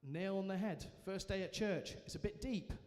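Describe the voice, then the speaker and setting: A man giving a personal testimony to a live audience, telling it as a lively story with self-mocking humour. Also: high-pitched, moderate pace. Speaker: guest speaker sharing his testimony. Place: large church hall, indoors. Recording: reverberant church hall.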